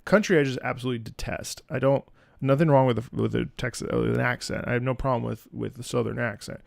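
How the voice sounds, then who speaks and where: A man's voice: medium pitch, steady tone, fast talker, creaky, no echo, studio quality. A man streaming, chatting casually about game music, laid-back, swearing freely and often restarting his sentences.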